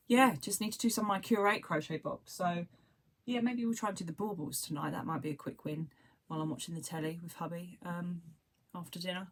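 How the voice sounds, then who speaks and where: A woman with a southern English accent talks in a relaxed, rambling way, hopping from one thought to the next. Her voice sits a little on the low side. She speaks like a host chatting casually to her regular viewers. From southern England. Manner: chatty, rambling, self-described waffler. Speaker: crochet livestream host. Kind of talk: casual chat.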